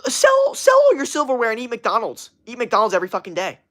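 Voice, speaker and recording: Guy putting on a squeaky loud hustle-guru dude, middle-aged, pushy and yelling the same thing over and over. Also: wildly swooping pitch, a little fast, heavily acted. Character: high-pitched shouting middle-aged male hustle guru.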